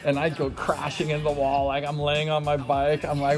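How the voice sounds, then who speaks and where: A man's voice: fairly high pitch, monotone, moderate pace. A middle-aged man, a former speedway racer, telling a rambling story full of repeated fillers. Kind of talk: casual storytelling. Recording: loud music underneath.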